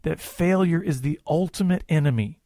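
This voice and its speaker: A man's voice: a little high, moderate pace, warm tone, no echo, studio quality. A man co-hosting a faith-based recovery talk as a counselor, speaking in a reflective, conversational way. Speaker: co-host, counselor.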